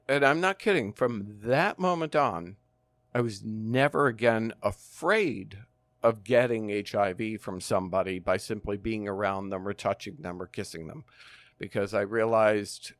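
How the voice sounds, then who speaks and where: A man's voice: medium pitch, no echo, clean studio sound. Earnest older man telling his story. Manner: earnest, measured, with frequent "um" and "uh". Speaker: interview guest, former firefighter and nurse. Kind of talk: reflective storytelling in an interview.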